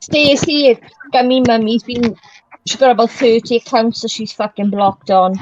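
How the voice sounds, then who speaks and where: A woman's voice: a little high, fairly even intonation, normal speed. A middle-aged woman in a heated live-stream voice chat, curt and defiant, swearing. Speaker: stream caller. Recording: dull lo-fi mic with crowd noise.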